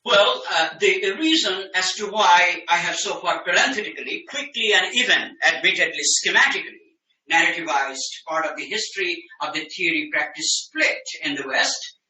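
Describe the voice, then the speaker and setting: Sharp-voiced man lecturing from afar. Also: high-pitched, lively intonation, normal speed. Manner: emphatic, dense academic phrasing with frequent restarts. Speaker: professor giving a lecture. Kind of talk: academic lecture. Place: lecture room. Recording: roomy, distant mic in a lecture room.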